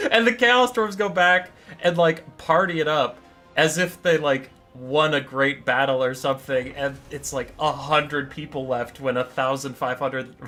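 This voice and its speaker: Bright-voiced jokey game caster. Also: male voice, fairly high pitch. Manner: animated, jokey, quick asides. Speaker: strategy game commentator. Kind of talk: casual game commentary and storytelling.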